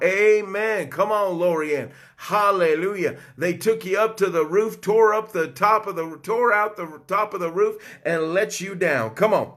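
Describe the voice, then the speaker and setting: A man's voice: high voice, measured pace, hardly any pauses, fairly bright tone. A man preaching a fervent Pentecostal sermon, breaking into cries of "whoo" and "come on" and bursts of speaking in tongues.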